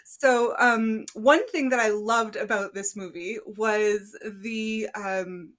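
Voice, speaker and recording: A woman co-hosting a casual movie review podcast, chatty and quick to laugh, with plenty of fillers. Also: mid-range voice, fairly bright tone. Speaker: podcast co-host.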